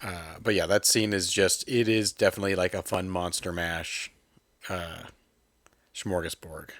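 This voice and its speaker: A man's voice: low-pitched, steady tone, unhurried, fairly bright tone, no echo. A man co-hosting a podcast, talking casually and rambling with lots of restarts and fillers. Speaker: podcast co-host. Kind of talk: casual chat about movies.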